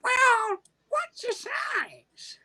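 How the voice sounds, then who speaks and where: A man's voice: extremely high pitch, expressive, very slow, sharp tone, pitched above the performer's own voice, heavily acted. A man doing a teasing store lady in her fifties.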